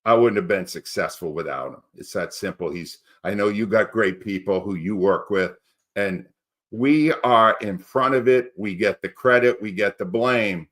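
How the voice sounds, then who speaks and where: A man's voice: lowish voice, moderate pace, a bit bright. A man in his sixties, a retired sports radio host, reminiscing in a casual interview.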